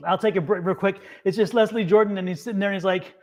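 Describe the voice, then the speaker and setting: A man's voice: sits high, fairly even intonation, fast talker, few pauses, a little mellow. A man co-hosting a live tarot reading stream, chatting casually and telling a joke story with frequent laughs. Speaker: tarot reader co-host. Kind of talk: casual chat.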